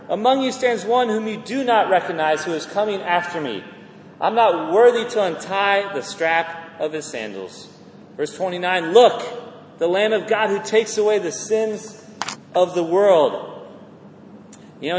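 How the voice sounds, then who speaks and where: A man preaching a sermon in a lively, animated way, often acting out quoted voices and repeating words as he builds a point. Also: high voice, slight background noise. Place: church hall. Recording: echoey hall with faint ambience.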